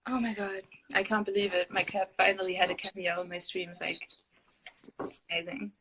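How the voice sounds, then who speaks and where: A young woman hosting a casual phone livestream from her room at home, chatty and animated, often laughing. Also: brisk, a little hiss or hum, poor audio. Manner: giggly, animated, talks to her cat in a high voice. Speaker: livestream host.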